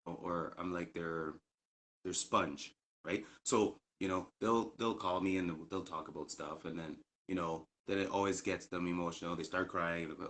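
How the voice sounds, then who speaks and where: A man with a very low voice, chatting casually. He rambles and hesitates, circling back through fillers and restarts as he looks for words. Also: fairly even intonation, moderate pace, fairly bright tone. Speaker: guest. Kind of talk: casual conversation.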